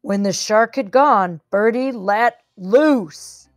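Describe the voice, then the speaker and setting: A woman reading a children's picture book aloud with expressive, animated storytelling. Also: mid-range voice, slow, faint music behind.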